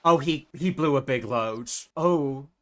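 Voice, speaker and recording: A man's voice: mid-range voice, a little slow, fairly bright tone. A young man giving casual, gossipy commentary over a life-sim game, swearing and laughing often. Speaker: gaming streamer.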